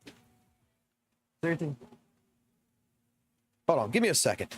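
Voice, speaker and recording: A man, a game streamer ranting excitedly and swearing heavily to his live chat. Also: on the high side, moderate pace, slight background noise. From Southern United States. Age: 30s.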